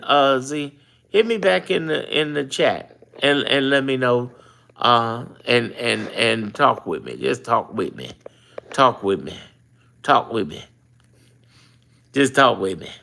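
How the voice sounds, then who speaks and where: A man hosts a casual live stream, talking straight to his viewers in the chat. His voice is gravelly, with a touch of fry. His pitch swings widely as he tells his stories. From Chicago. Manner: animated storytelling, chatting with his live chat. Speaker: political livestream host.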